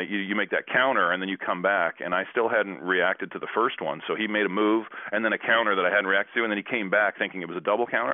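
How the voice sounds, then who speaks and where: A man in his forties, a former basketball player, telling stories as a guest with dry self-deprecating humor and halting fillers. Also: deep voice, no room sound. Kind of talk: casual storytelling interview. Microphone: phone. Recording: tinny phone line.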